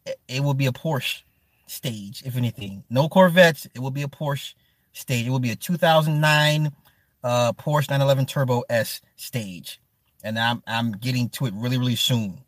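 A man hosting a livestream who chats casually with his viewers, animated and profane, laughing often and answering them by name. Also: mid-range voice, moderate pace, dry recording, studio quality. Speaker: livestream host. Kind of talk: casual stream chat.

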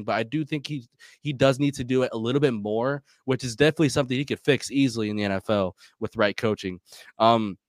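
A man's voice: mid-range voice, dry recording. A man co-hosting a casual sports podcast, working through strengths and weaknesses in a methodical way. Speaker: co-host.

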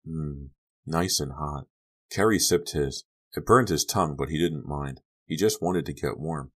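A man narrating a young-adult horror audiobook in a calm, measured storytelling manner. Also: very deep voice, husky. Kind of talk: scripted narration.

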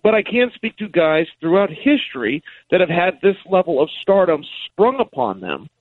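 A man giving rapid, emphatic sports analysis as a guest on a radio show, calling in by phone and repeating words as he restarts. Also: high-pitched, very animated, no echo. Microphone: phone call. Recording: tinny phone line.

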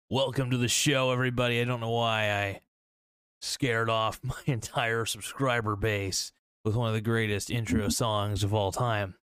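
Male solo podcaster, casual and rambling, smooth resonant voice, dry close mic. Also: on the low side, fairly even intonation, normal speed, fairly bright tone, dry recording. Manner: rambling, restarts and filler-heavy. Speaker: podcast host.

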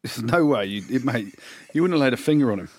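A man co-hosting a rugby podcast in a studio, blunt and mocking with quick comebacks. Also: mid-range voice, expressive, no echo. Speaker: podcast co-host and former rugby player. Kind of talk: banter-filled casual chat.

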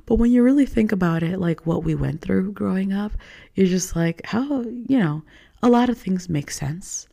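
A young woman hosting a podcast in casual solo chat, her voice hoarse from being sick, chatty and self-mocking, sometimes dropping into whispery asides. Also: on the low side, dark tone. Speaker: podcast host.

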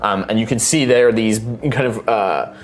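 A man narrating a tabletop game as game master, relaxed and full of fillers. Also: lowish voice, moderate pace. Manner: relaxed, many fillers like "um" and "kind of".

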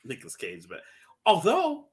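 A man co-hosting a casual podcast, animated and laughing often as he acts out movie lines. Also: high voice, fairly quick, breathy edge. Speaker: podcast co-host. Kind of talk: casual chat.

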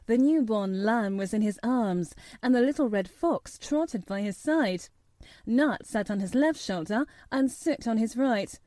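A woman narrating a children's storybook in an expressive, measured reading. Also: fairly high pitch, no room sound, clean studio sound.

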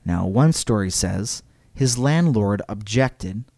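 A man's voice: on the low side, lively intonation, slow, vocal fry, darkish tone, dry recording, studio quality. A man hosting a podcast, telling a history story in a casual, digressive way and reading quotes aloud. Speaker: podcast host.

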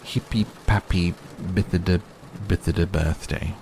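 A man's voice: deep voice, animated, normal speed, gravelly, darkish tone, slight background noise. A man voicing a pompous, self-important old male owl in a storybook reading.

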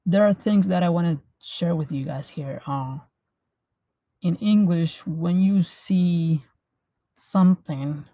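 A woman's voice: fairly low pitch, dark tone, no room sound. A woman teaching a language lesson, explaining patiently and repeating phrases in both languages.

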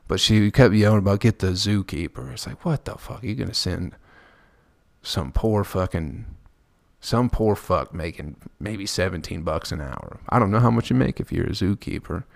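Man, podcast host, low voice, gravelly fry, profane rambling comedy, dry close recording. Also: animated, moderate pace, no room sound. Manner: rambling, profane, laughs at his own jokes. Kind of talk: crude comedic podcast monologue.

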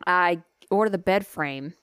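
Woman, low voice, foul-mouthed rambling storyteller in casual chat. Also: measured pace, no echo, studio quality. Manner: profane, rambling, animated storyteller.

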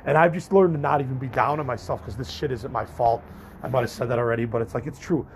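Speaking fast in a medium-pitched, slightly mellow voice, with some hiss or hum in the background, a young vlogger and podcaster delivers a candid monologue to his audience. He curses openly, rambles, and keeps restarting his sentences with plenty of fillers.

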